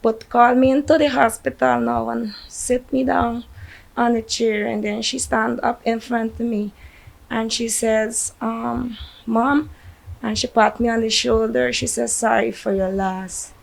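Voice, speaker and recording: Distraught Guyanese mother, gravelly voice. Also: fairly high pitch, flat delivery, low-quality recording. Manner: distraught, halting retelling with shaky drops in volume. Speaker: grieving mother interviewed. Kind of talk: emotional news interview.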